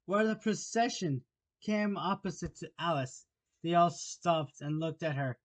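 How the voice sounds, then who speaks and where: A man with a shrill voice narrating an audiobook of a storybook, with occasional slips and restarts. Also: unhurried.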